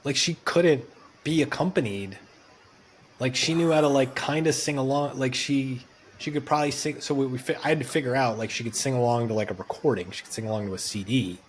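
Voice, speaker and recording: Man, podcast guest, mid pitch, chatty storyteller, acts out quotes. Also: brisk, slight background noise. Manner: animated storyteller, acting out quotes. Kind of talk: conversational storytelling.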